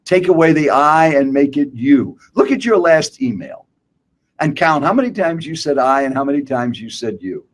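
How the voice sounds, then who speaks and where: A man's voice: a little high, expressive, moderate pace. An older man teaching public speaking, emphatic and direct, asking rhetorical questions. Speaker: guest speaker. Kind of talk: motivational speaking coaching.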